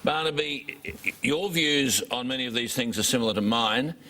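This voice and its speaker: An Australian man co-hosting an interview, pressing his points in a forceful, emphatic, rhetorical way. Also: mid-range voice, normal speed. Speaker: co-host.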